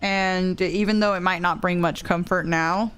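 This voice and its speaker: A young woman streams a game, chatting casually with viewers and answering them, humming small vocal stims between thoughts. Her fairly low voice is smooth, steady and somewhat bright, at a normal speed.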